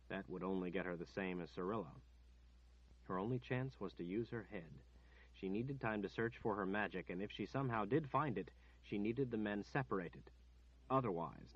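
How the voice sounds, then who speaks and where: A man reads an audiobook in a steady, measured way. His voice is low and husky. The recording sounds dull and lo-fi. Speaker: narrator. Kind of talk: scripted audiobook narration.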